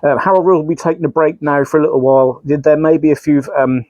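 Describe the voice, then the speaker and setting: A man's voice: fairly high pitch, fairly even intonation, quick pace, darkish tone, no room sound, lo-fi sound. A man, a model railway YouTuber, chatting casually in a rambling, self-mocking way with frequent sighs. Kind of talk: casual vlog chat.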